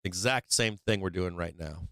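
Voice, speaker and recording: A man hosting a live trading stream, talking casually and excitedly, swearing freely and laughing often. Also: low voice, moderate pace, clean tone, no echo. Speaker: livestream trading host. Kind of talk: casual livestream chat.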